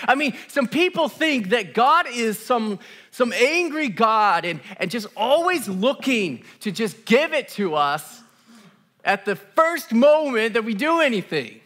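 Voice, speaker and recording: A man pastor delivering a live sermon in church. His voice sits high and rings bright. He preaches with energy and repeats his main points for emphasis. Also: very animated, a little slow. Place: church service with congregation.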